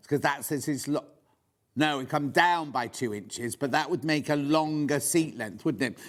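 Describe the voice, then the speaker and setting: A middle-aged man presenting a live shopping show, chatty and rambling, poking fun at himself as he reads out viewer questions. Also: fairly high pitch. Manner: chatty, rambling, self-deprecating.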